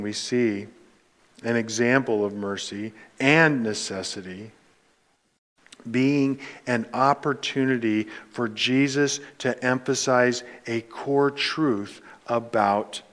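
A man preaching a sermon to his congregation, emphatic and direct, asking rhetorical questions. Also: mid-range voice. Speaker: pastor.

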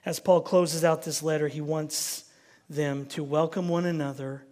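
A male pastor giving a conversational, joking sermon, now and then dropping to a soft near-whisper. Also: on the high side, steady tone, moderate pace, in a large hall.

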